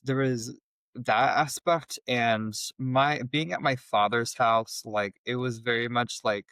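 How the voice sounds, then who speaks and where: A man telling his personal story as a podcast guest, in a halting, reflective way with many restarts. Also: medium pitch, fairly even intonation, a bit bright, no room sound, rough recording.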